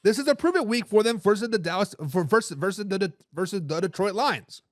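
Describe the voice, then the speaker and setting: A man with a high-pitched voice hosts a live football talk show, talking casually and with plenty of animation. He throws in slangy catchphrases and often restarts his phrases as he reads viewers' comments aloud. The sound is dry and close, with no room echo. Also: expressive, fairly quick. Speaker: sports talk show host.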